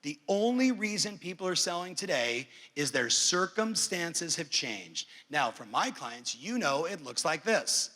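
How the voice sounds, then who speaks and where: A man's voice: on the high side, big pitch swings, unhurried, few pauses, sharp tone. A man giving a motivational keynote as a real estate coach on a conference stage, brash and profane, who keeps polling the crowd. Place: large conference hall stage. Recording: long reverb of a big hall.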